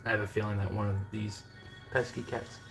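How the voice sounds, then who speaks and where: A man's voice: fairly low pitch, flat delivery, fairly quick, creaky, music in the background, poor audio. A man from the American Midwest, chatting casually to his viewers from his home kitchen, rambling with lots of fillers and asides. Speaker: home cooking vlogger.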